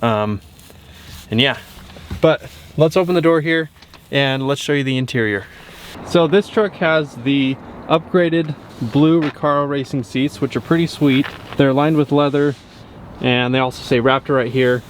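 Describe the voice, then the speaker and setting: Upbeat male truck vlogger, casual walkaround delivery, ordinary mid-range voice, clear background noise. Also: mid-range voice, unhurried. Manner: easygoing, upbeat, frequent "um" fillers. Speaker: truck reviewer. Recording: windy outdoor noise.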